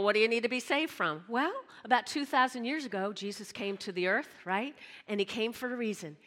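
Casting: female preacher, mid-pitched, chatty sermon that calls the room to respond, long hall reverb. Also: fairly bright tone. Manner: conversational, calls on the audience to respond.

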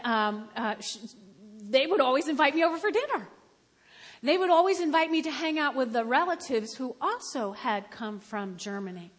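A woman of about seventy preaching a sermon, telling stories and building to loud, emphatic exhortation. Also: high voice. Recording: echoey hall with long reverb.

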